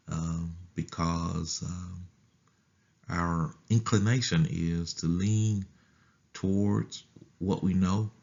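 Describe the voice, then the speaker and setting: Man, pastor, very deep voice, slow delivery, repeats and restarts phrases, dull lo-fi sound. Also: vocal fry, darkish tone. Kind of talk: Bible study teaching.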